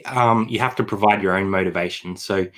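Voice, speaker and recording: A man hosting a casual live-stream interview, reading viewer comments and chatting in a relaxed, easygoing way. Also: low voice, a little fast. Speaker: host reading live chat.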